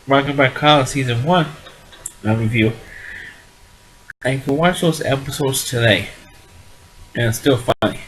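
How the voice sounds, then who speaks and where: A man's voice: medium pitch, a bit bright, rough recording. Rambling man giving a blunt TV review. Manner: rambling, repetitive, restarts often; blunt and dismissive. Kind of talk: casual spoken review.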